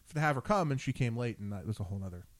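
A man's voice: medium pitch, expressive, rapid-fire, no room sound. A man hosting a chat show, telling a long story with lots of swearing and acted-out quotes. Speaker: show host. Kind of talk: casual chat.

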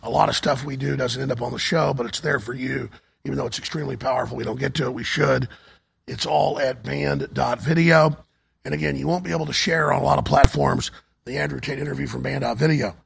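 Hoarse gravelly talk show host. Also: male voice, steady tone, fast talker. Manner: urgent, repetitive sales pitch. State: hoarse, voice nearly gone. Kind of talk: on-air fundraising and product pitch.

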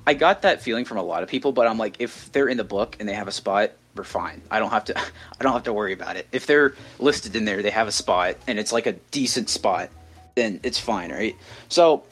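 A man's voice: fairly low pitch, brisk, fairly bright tone, faint music behind. A young man co-hosting a podcast, telling a story in casual chat, rambling with many restarts. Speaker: podcast co-host.

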